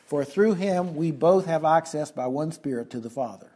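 A man preaching an expository Bible lesson, slowing down to stress key phrases. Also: on the high side, expressive, mellow, breathy edge.

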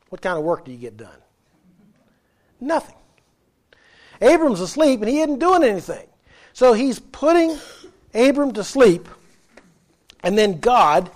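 A man's voice: high-pitched, darkish tone. A man preaching a sermon, emphatic and asking his listeners questions as he explains scripture. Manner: emphatic, asks the congregation questions.

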